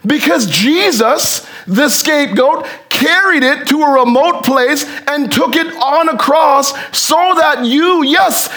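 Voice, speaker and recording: A man preaching a sermon with fervent rhetorical questions, moving from hushed reading to shouting. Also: very high voice, lively intonation, slow pace, hardly any pauses.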